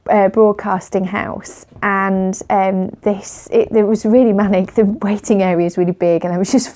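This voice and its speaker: A woman's voice: medium pitch, dark tone. A woman chatting casually in a vlog, telling a story with lots of laughs and fillers. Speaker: vlogger.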